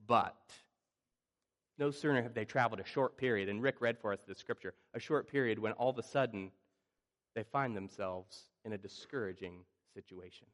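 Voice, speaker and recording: A middle-aged man preaching a sermon as pastor, animated and conversational, often acting out panicked voices and restarting his phrases. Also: medium pitch, normal speed.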